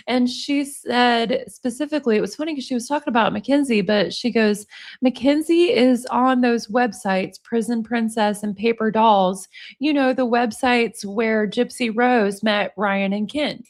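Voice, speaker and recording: This livestream commentary host, a U.S. woman in her forties, chats casually and reads out viewer comments with frequent laughter. She speaks at a moderate pace in a fairly high voice.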